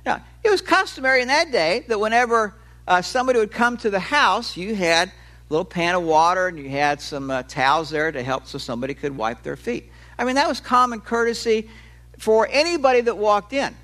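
A man's voice: high-pitched, a little fast, sharp tone. A male preacher giving a sermon in a conversational way. He explains with everyday examples and stretches key words for emphasis.

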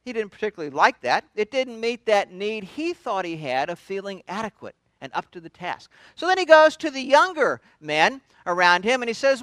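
A man's voice: high-pitched, very animated, normal speed, hardly any pauses, a bit bright, no echo. A man preaching a sermon, retelling scripture in a conversational storytelling way with frequent restarts. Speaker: pastor.

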